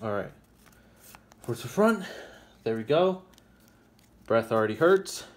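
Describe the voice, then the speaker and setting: Chatty man opening trading card packs. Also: a little slow. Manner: chatty, reads card names aloud, jumps to high excited squeals over good pulls. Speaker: card-opening channel host. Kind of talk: casual card-opening commentary.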